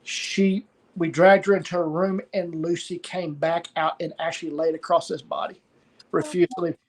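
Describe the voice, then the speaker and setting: A middle-aged man, telling a personal story of loss in a halting way, pausing and repeating words. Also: on the high side, level tone. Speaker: guest sharing a story of loss.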